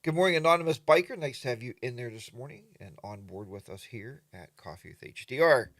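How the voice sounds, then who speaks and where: A man's voice: mid-range voice, animated, a little fast, fairly bright tone, no room sound. A man hosting a casual morning livestream from his home studio, greeting viewers by name and rambling along with plenty of fillers. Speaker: livestream host.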